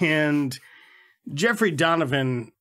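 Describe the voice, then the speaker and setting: A man's voice: fairly high pitch, animated, a bit bright. A man hosting a movie podcast, chatting casually, joking and swearing as he recaps a film. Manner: profane, joking, quick to laugh. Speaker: podcast host. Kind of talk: casual chat.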